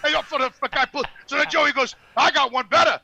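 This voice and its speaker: A man's voice: very high voice, fairly even intonation, fast talker, vocal fry. An older man telling long, rambling, profane stories in casual podcast chat. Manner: loud, profane, rambling anecdotes. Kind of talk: casual storytelling.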